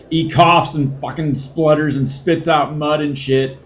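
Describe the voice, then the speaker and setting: Slow, rambling game master. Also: male voice, on the high side, a little hiss or hum. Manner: rambling, with many fillers and crude words. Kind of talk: narrating a tabletop game.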